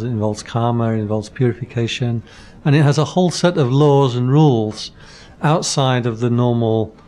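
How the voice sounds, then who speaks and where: A man's voice: mid-range voice, a little mellow. A man, a Buddhist monk, explaining ideas patiently in a casual podcast chat, with analogies and dry jokes. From Britain.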